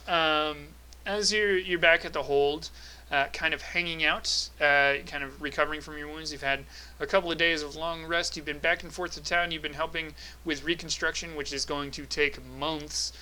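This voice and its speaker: A man runs a tabletop game as game master, describing scenes in a relaxed, halting way with plenty of filler sounds. His voice is very bright and sharp, set slightly high. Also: low-quality recording.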